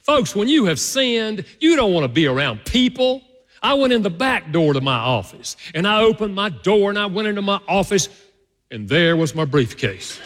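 A man preaching a sermon to his congregation, swinging between loud and hushed delivery. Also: sits high, sing-song, moderate pace, long reverb tail. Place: church sanctuary.

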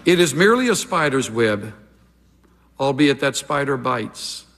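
An older man preaching a sermon, emphatic and swinging from loud exhortation to hushed asides. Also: medium pitch, very animated, a little slow, in a large hall, some chatter behind, a little hiss or hum. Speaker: pastor.

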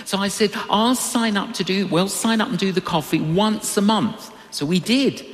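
A man preaching a sermon, telling personal stories with animated swings in his voice. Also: moderate pace, hardly any pauses, roomy sound, in a large hall. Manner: animated storytelling with big pitch swings.

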